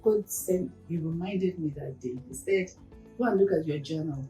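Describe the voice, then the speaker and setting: An earnest woman in her forties tells a painful story from her past, often sinking to a hushed near-whisper. Her voice sits a little low. She sounds set back from the mic in a roomy space, with faint music underneath. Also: moderate pace, recorded from a distance. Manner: earnest, reflective, with hushed moments. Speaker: interview guest, counsellor. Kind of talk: emotional personal storytelling.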